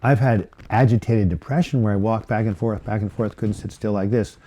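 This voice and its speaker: A man's voice: on the low side, fairly even intonation, brisk, dark tone, slight background noise. A man hosting a live viewer Q&A on mental health, rambling casually through comments with fillers and self-corrections. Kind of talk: casual live-stream chat, reading and answering viewer comments.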